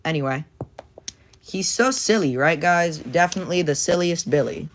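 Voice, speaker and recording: Drawing as he talks, a young man streams to his viewers in a goofy, rambling way, hopping from silly voices to whispers and cracking jokes. He speaks at a moderate pace in a high-leaning, slightly bright voice.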